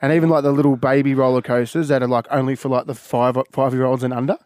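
An Australian man in his forties hosting a radio show, telling self-mocking stories in an animated, lively way. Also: medium pitch, fast talker, dry recording, studio quality. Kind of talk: casual radio chat.

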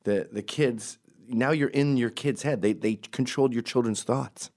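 A middle-aged man from Canada telling an animated story, jumping into high put-on voices and laughing mid-sentence. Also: normal speed. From Canada, raised in Quebec. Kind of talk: storytelling monologue.

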